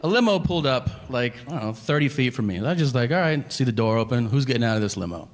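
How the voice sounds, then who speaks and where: A male stand-up comedian in his forties, telling animated, profane stories on a club stage and slipping into voices for the people in them. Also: mid-range voice, quick pace, in a large hall. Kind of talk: stand-up routine. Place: comedy stage before a laughing audience. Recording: noisy live club recording.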